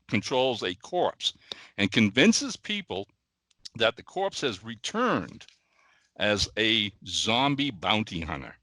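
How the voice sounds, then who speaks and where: An older Midwestern man co-hosts a casual podcast in a medium-pitched voice with no echo. He's animated, repeats words, and keeps checking in with "okay?" and "all right?".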